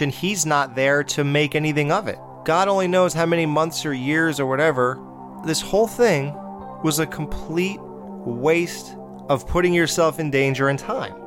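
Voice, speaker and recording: A man hosting a casual film review podcast, blunt and opinionated, rambling with fillers as he recaps scenes. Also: on the high side. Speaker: podcast host.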